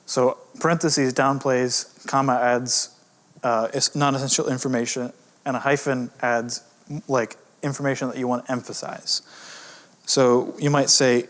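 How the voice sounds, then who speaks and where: Male editor as teacher, relaxed and conversational, middle pitch, slows to stress example words, casual fillers. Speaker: grammar course teacher, editor. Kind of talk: recorded lesson.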